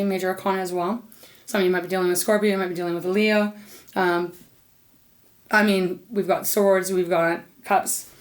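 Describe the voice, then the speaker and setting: Speaking in a mid-range voice, a woman reads tarot cards off the cuff and talks earnestly right to her listener. Her tone turns emotional and protective, with the odd casual curse word. She also addresses Spirit out loud between cards.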